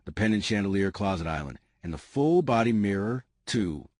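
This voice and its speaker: A low-voiced man leads an eager walkthrough of a big house and speaks to his viewers as family. His pitch rises and falls a lot as he points things out. The sound is close and dry. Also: lively intonation, moderate pace, a little mellow, dry recording. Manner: enthusiastic, addresses viewers as family. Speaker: home tour host. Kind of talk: enthusiastic real estate walkthrough. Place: inside a large house.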